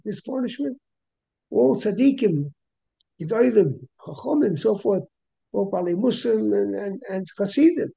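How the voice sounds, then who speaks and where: A man with a high, gravelly voice gives a Torah class. His tone is dark and a little husky, and he keeps repeating words and clearing his throat as he goes. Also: rough recording. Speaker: Torah teacher.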